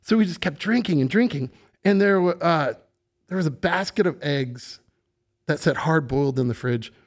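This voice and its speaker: A middle-aged man, a podcast guest, casually telling an animated story and swearing freely. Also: on the high side, moderate pace. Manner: animated, swears freely, acts out voices in quotes.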